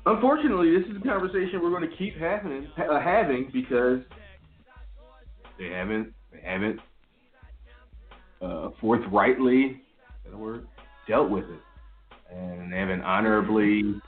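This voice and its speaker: A man co-hosting a podcast, talking in a rambling, profane, casual way with frequent restarts. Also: lowish voice. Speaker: podcast co-host. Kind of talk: casual chat. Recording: echoey, phone-like line with faint music.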